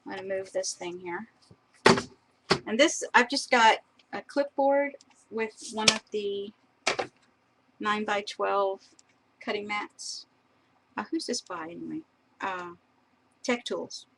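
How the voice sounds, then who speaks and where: A woman's voice: medium pitch, takes it slowly, gravelly, long pauses, very noisy. Chatty woman on a craft stream. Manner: chatty, laughs often, admiring asides. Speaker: crafter showing papers. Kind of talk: casual live-stream craft demo.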